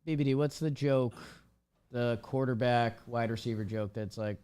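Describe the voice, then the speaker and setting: A man's voice: mid-range voice, normal speed, a little mellow, clear, resonant tone. A man co-hosting a sports podcast, easygoing and ribbing his partner playfully. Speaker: podcast co-host. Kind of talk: casual sports podcast banter.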